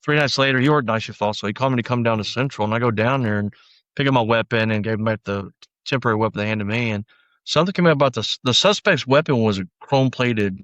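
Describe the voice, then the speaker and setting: A middle-aged man, a former deputy, recounting his past in a casual conversational interview, often quoting others and trailing off quietly. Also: medium pitch, no room sound, highs cut off. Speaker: podcast guest, former sheriff's deputy.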